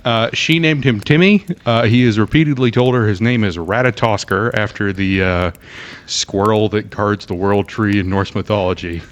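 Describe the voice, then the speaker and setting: A man from Alabama, a game master, chatting casually on a podcast in an easygoing, halting way with frequent fillers. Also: fairly low pitch. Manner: easygoing, halting, laughs at own jokes. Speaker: dungeon master.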